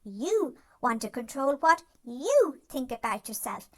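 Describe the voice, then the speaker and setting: A gentle, caring cartoon dog, voiced by a performer, offers self-help advice in scripted narration. The voice sits high and swoops with lively ups and downs. It speaks slowly and soothingly, addressing the listener directly. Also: exaggerated voice.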